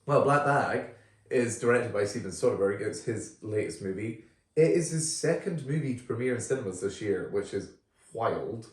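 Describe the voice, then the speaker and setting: Man, low-ish voice, casual film podcast chat, roomy sound, off-mic. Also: normal speed, recorded from a distance. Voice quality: relaxed, chatty with frequent fillers. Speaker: podcast co-host.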